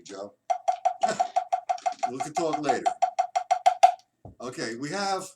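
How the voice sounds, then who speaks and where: A man teaching a drum lesson on a live stream, counting beats aloud in a loose, chatty way. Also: a little high. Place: drum room at a kit. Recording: far from the mic, loud music and drums behind. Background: loud drumming.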